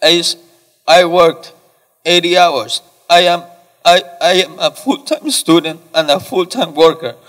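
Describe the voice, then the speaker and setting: Close to tears, a twenty-something man from Ecuador asks the lecture hall an emotional question through the audience microphone, pausing often and apologizing as he goes. His voice is on the high side and a little bright, and it bounces around the echoey hall.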